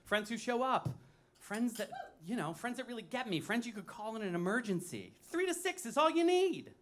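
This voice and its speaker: A man's voice: very high voice, animated, moderate pace, fairly bright tone. A man in his late thirties doing wry, self-deprecating cabaret patter and show tunes on a live stage. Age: 30s. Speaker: cabaret performer. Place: music venue stage.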